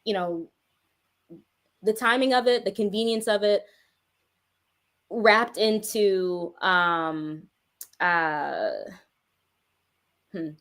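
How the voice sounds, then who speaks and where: A young woman talks casually as an interview guest. She tells her story with animated energy, often breaking into laughter. Her voice sits in a medium pitch range. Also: very slow, long pauses. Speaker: guest, music artist.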